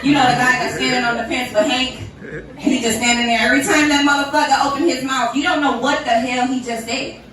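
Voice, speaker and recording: A brash stand-up comedian from Ohio works a profane set at a comedy club, cracking herself up while the live audience laughs. She speaks briskly in a high, fairly bright voice with a steady tone. The recording is distant-miked in an echoey room with slight background noise.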